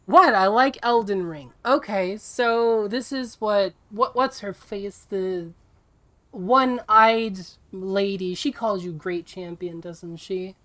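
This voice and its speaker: A woman streaming a video game, chatting casually with her viewers in an exasperated, teasing way and quick to laugh. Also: medium pitch, fairly bright tone.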